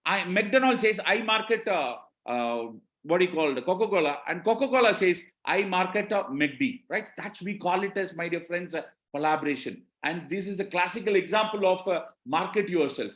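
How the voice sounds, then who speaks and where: Male business trainer, Indian English accent, higher voice, roomy echo, repeats himself and keeps checking in with the audience. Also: animated, normal speed, fairly bright tone. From Tamil Nadu, India. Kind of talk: live webinar talk.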